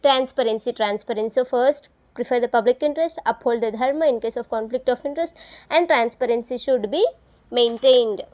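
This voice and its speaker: A woman's voice: fairly high pitch, fairly quick, darkish tone. A woman tutoring for an exam, repeating each key term several times and spelling words out letter by letter. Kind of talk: study-along lesson, repeating terms aloud to memorize.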